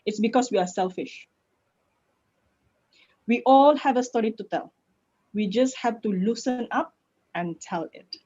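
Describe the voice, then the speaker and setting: Lively Malaysian woman coaching over video call. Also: on the high side, measured pace, long pauses, muffled recording. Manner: lively, warm teaching tone, laughs easily. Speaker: public speaking coach. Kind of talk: online Q&A session.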